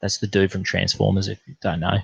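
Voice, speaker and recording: A pastor telling a profane, animated anecdote in a casual way. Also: male voice, low voice, a little fast, vocal fry, slightly rough, no echo, low-quality recording. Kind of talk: casual storytelling.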